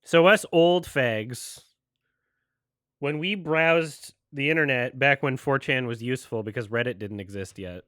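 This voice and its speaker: A man's voice: medium pitch, measured pace, a bit bright, clear, resonant tone, dry recording, studio quality. A man hosting a movie watch-along, rambling in loose casual commentary, often restarting and laughing.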